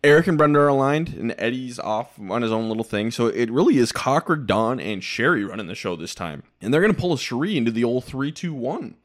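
A man talking through a reality-show recap on a podcast, his pitch bouncing around a lot as he goes. He is blunt and opinionated, with a casual, conversational delivery. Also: lively intonation, a little fast, hardly any pauses. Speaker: podcast co-host.

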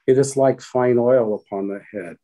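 A man reciting alternate psalm verses in a responsive morning prayer, in a steady, solemn way. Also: mid-range voice, moderate pace. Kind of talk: liturgical responsive reading.

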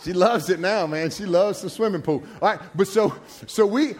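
A man's voice: high voice, normal speed, some chatter behind. A man preaching a sermon, telling folksy personal stories with frequent laughter. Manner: animated storyteller, laughs often, folksy asides.

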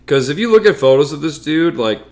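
A man's voice: fairly high pitch, animated, fairly quick, darkish tone. A man co-hosting a podcast, chatting casually over beers in a rambling, joking way and laughing often. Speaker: podcast co-host.

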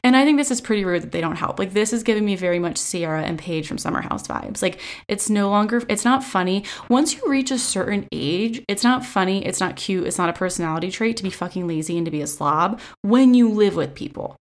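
A woman's voice: mid-range voice, expressive, fairly quick, hardly any pauses. A young woman giving a casual, profane recap of a reality show, chatty and sarcastic with lots of filler words, recorded on a phone. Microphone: phone selfie camera.

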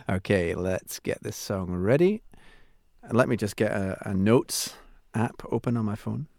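A low man with a gravelly edge co-hosts a casual comedy chat. He talks in a chatty, thoughtful way in a dry, close sound. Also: animated, takes it slowly, long pauses, darkish tone, no echo. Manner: chatty, thoughtful, trails off with fillers. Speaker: co-host.

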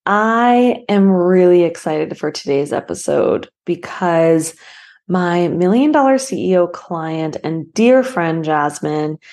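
A woman's voice: on the low side, a little mellow. Emotional, rambling woman podcast host. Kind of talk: casual podcast intro.

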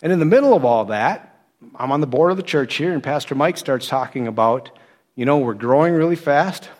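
A man's voice: fairly high pitch, brisk. Man preaching a conversational sermon. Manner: conversational storytelling, animated quoted asides. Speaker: associate pastor turned preacher. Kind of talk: sermon with personal testimony.

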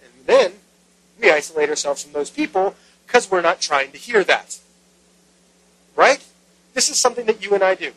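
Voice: mid-range voice, lively intonation, normal speed, pauses often, fairly bright tone, no room sound, rough recording. A pastor giving a sermon in a conversational way, retelling a story with rhetorical questions.

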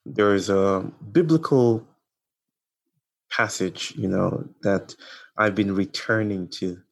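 A man speaking as a podcast guest, telling a story in slow, poetic, meditative phrasing. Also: on the low side, expressive, vocal fry. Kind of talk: reflective conversational storytelling.

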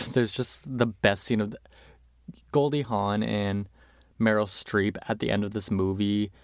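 A man's voice: on the low side, steady tone, takes it slowly, dry recording, clean studio sound. A man hosting a podcast, chatting casually and animatedly about movies, with lots of fillers, and acting out quotes. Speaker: podcast host.

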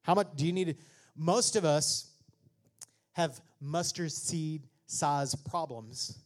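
High-voiced preacher, casual to shouting. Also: male voice, slow pace. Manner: swings from conversational asides to shouted preaching; jokey, laughs at own remarks. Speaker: pastor. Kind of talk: sermon.

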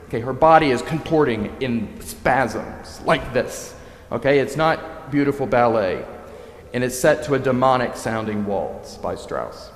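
A man preaching a sermon, telling a story in a lively way and acting out the characters' lines. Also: mid-range voice. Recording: echoey hall.

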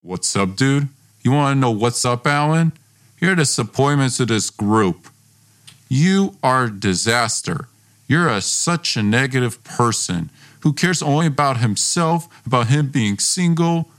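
A man's voice: medium pitch, lively intonation, a little slow, fairly bright tone. A man playing a scornful, domineering friend. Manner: blunt, scornful, swearing. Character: domineering young man, hot-tempered best friend. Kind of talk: read dialogue in a story podcast.

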